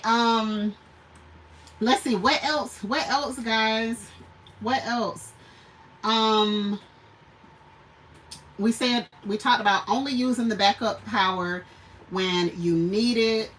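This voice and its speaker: A woman's voice: a little high, takes it slowly, pauses often, fairly bright tone, recorded from a distance, a little hiss or hum, poor audio. Chatty woman livestreaming, a bit off-mic. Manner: chatty, laughs often, greets viewers. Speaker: homestead channel host. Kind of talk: casual livestream chat.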